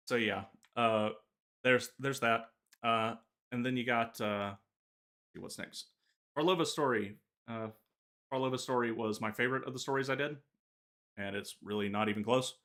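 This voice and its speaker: Halting man chatting on a podcast. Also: on the low side, sharp tone. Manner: halting, many filler pauses. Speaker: podcast co-host. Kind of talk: casual gaming podcast chat.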